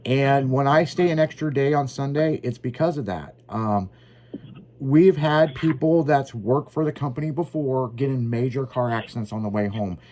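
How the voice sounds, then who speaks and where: A man's voice: mid-range voice, moderate pace, a little mellow. A man co-hosting a casual podcast, telling profane road stories and acting out both sides of old conversations. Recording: faint background noise.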